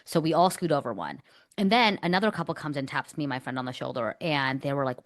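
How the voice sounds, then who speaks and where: A young woman co-hosts a podcast and tells a story in a casual, animated way, acting out what other people said. Her voice sits very low for a woman. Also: fast. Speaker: podcast co-host.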